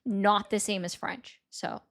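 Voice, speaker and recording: A woman's voice: medium pitch, steady tone, a little slow, creaky, a bit bright. Friendly woman with a slight Upper Midwest accent. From northern US. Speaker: livestream co-host. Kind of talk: casual livestream chat.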